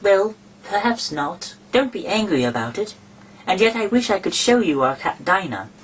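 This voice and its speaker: A man's voice: sits high, sing-song, normal speed, fairly bright tone, a little hiss or hum, voice pushed up, low-quality recording. A man voicing a polite, chatty young girl in an eager, apologetic manner for a storybook reading.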